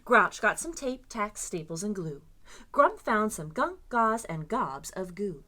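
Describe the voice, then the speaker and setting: Lively woman reading a children's story. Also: mid-range voice, measured pace. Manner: expressive, dramatic storytelling. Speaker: children's librarian. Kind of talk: reading a picture book aloud to children.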